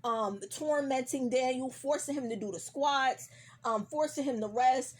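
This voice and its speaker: A woman's voice: high-pitched, a little slow, husky. A woman recapping a TV episode in casual, profane chat, acting out the characters' lines as she goes. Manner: animated, acts out characters' lines mid-story.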